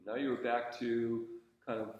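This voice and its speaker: A man's voice: medium pitch, little pitch movement, measured pace, lo-fi sound. A man teaching conducting to a student, patient and encouraging, thinking aloud with fillers and restarts. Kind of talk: coaching a student in a class. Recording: very echoey room.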